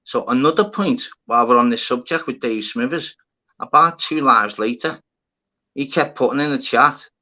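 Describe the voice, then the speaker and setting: A man hosts a live stream panel and talks into his phone. His voice is bright and forward. He tells stories with plenty of swearing and plays both sides of every exchange. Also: mid-range voice, normal speed, lo-fi sound. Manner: swearing, animated, acts out both sides of conversations. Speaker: livestream host. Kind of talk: casual storytelling chat.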